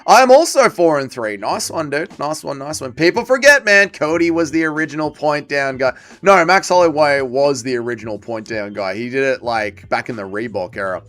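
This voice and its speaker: A man's voice: mid-range voice, expressive, moderate pace, hardly any pauses, a bit bright. A man hosting a livestream watch party, chatting casually and joking as he reads viewer comments aloud and answers them. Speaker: livestream host.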